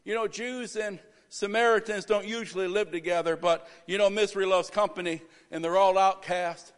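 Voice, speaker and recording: A man pastoring a church service, praying and preaching a sermon that builds to loud, emphatic stretches. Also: high-pitched, steady tone, moderate pace. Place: church sanctuary. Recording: reverberant church hall.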